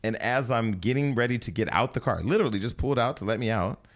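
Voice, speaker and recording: A man's voice: mid-range voice, expressive, quick pace. A man hosting a casual talk show, telling a long personal story with lots of swearing and acted-out quotes. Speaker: host.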